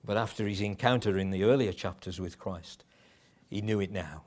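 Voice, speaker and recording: A man's voice: lowish voice, moderate pace, darkish tone. Man preaching a conversational sermon. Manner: conversational, with chuckles and restarts.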